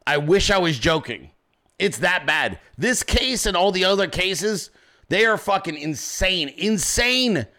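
A man's voice: high voice, lively intonation, measured pace. A man hosting a political show, ranting angrily and swearing constantly. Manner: angry, profane, shouting rant. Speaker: podcast host. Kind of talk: political commentary rant.

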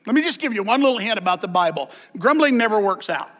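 A man's voice: high-pitched, very animated, fast, fairly bright tone. A man preaching a sermon as pastor, conversational, with joking asides and repeated words.

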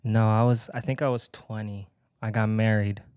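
A young man on a casual podcast, telling a personal story in an animated way and laughing now and then. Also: on the low side, normal speed, smooth, no room sound. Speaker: podcast co-host. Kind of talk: casual chat.

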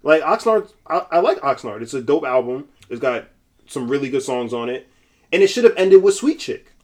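A man in his twenties co-hosting a podcast in casual chat, animated, laughing often and repeating himself. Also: medium pitch, normal speed. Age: 20s. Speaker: podcast co-host.

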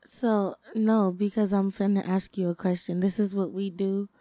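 A woman's voice: mid-range voice, fairly even intonation, moderate pace, warm tone, no room sound, clean studio sound. A young woman co-hosting a podcast, blunt and brash in casual chat. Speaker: podcast co-host.

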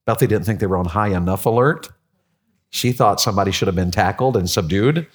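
A man preaching a sermon as pastor, animated and jokey, with many restarts. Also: fairly low pitch, fast.

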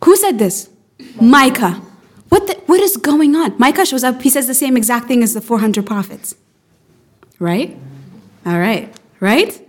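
A bright-toned woman with a fairly high voice teaches a small group in a room. She talks fast and playfully, slipping into character for the quotes and firing questions back at the class. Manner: animated, acts out quotes with rising pitch. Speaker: Bible study teacher. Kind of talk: lively group Bible lesson.

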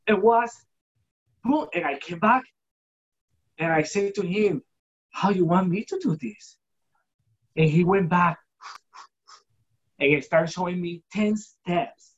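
A guest giving an emotional personal testimony, halting and repeating words for emphasis, acting out remembered dialogue. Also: highs cut off. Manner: acts out quoted dialogue with shifting pitch. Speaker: guest telling a personal story.

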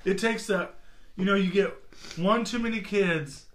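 A man's voice: sits high, unhurried, a bit bright. A man co-hosting a casual podcast, joking and riffing on the stories. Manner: joking, riffs with silly voices.

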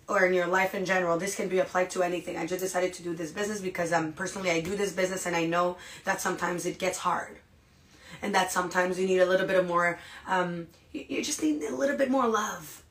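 A woman hosting a podcast, giving an energetic, casual motivational talk and often checking in with "right?" and "you guys". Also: fairly low pitch. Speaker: podcast host. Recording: echoey room.

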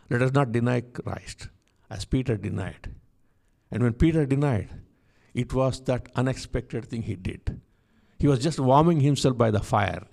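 Gravelly male preacher, rising fervor. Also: mid-range voice. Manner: rises to loud insistent preaching, speaks in tongues. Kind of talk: sermon with prayer.

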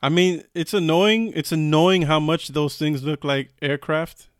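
A man with a smooth, resonant voice co-hosts a casual podcast. He hedges a lot and hunts for his words. The sound is close and completely dry. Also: a little high, fairly even intonation, measured pace, dry recording. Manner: hedging, searches for words with ums and restarts. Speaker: podcast co-host. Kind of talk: casual chat.

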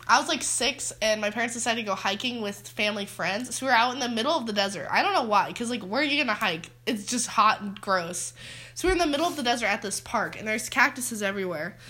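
A teenage girl with a high, bright voice tells childhood stories in casual chat. Her pitch swoops widely as she talks. She giggles often, right in the middle of her sentences. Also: lively intonation, fast. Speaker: podcast co-host.

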